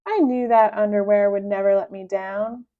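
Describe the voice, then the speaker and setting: A woman voicing a goofy adult male superhero who fires back loud, stubborn retorts. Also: steady tone, moderate pace, lightly acted. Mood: triumphant. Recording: dull low-fidelity sound.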